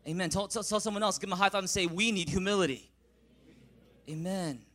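A male pastor in his thirties delivers a sermon in a notably high voice. He leads his congregation in call-and-response and grows loud and emphatic when reading scripture. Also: fairly quick.

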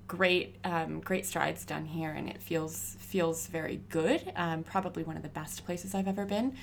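A woman in her thirties, a graffiti artist, telling stories in a casual interview with lively, laughing energy. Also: on the low side, vocal fry, slight background noise. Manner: animated, laughing storyteller.

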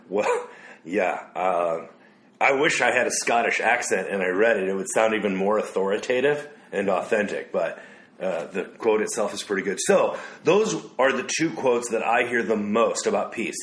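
Male podcast co-host, lowish voice, thoughtful and easygoing, roomy echo. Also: animated, moderate pace, a bit bright. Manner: reflective, reads quotes aloud, laughs easily. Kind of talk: casual conversational discussion.

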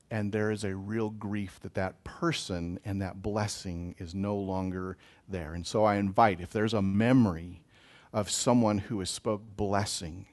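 A man giving a gentle, emotional pastoral talk on blessing, speaking to listeners as a chaplain. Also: lowish voice. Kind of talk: reflective spiritual talk.

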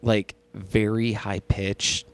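A man casually telling a ghost story on a podcast, animated and full of swearing. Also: fairly low pitch, slow pace. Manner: profane, animated storytelling, laughs often. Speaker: podcast co-host.

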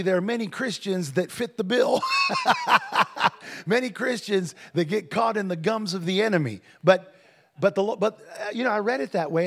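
A man preaching a sermon, moving from casual storytelling to fervent, drawn-out, shouted emphasis. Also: sits high. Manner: builds from conversational to shouted preaching.

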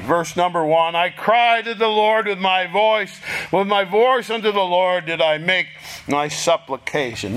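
A man preaching a sermon in a slow, deliberate way, pausing for effect and acting out prayers in a pleading voice. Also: a little high, a bit bright, slight background noise. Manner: slow, deliberate delivery with dramatic pauses; acts out prayers in a raised, pleading voice.

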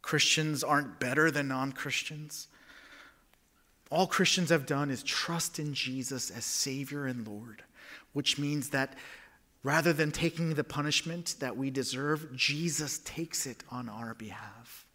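A man, a pastor, preaching a sermon, swinging from hushed near-whispers to loud emphatic lines. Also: mid-range voice, measured pace.

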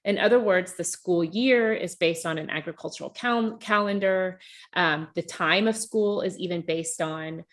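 A woman's voice: on the low side, normal speed. A woman from the United States speaking animatedly and thoughtfully in a reflective conversation. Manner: animated, thoughtful, acts out quoted voices.

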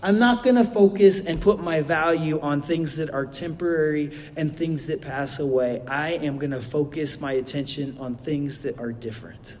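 A man's voice: a little high, normal speed, few pauses, darkish tone, big-room sound, a little hiss or hum. A middle-aged man, a pastor giving a sermon and telling a funny personal story with many fillers.

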